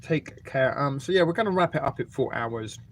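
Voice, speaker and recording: A man's voice: mid-range voice, animated, normal speed, slight background noise. A middle-aged man with an English accent, casually hosting a live stream, reading out viewer comments and rambling between jokes and filler words while he eats. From England. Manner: rambling and jokey, with many ums, eating and burping between remarks. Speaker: livestream host.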